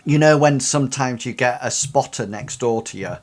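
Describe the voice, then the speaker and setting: A man's voice: mid-range voice, normal speed. A man narrating as game master of a tabletop game, hesitant, full of fillers and restarts.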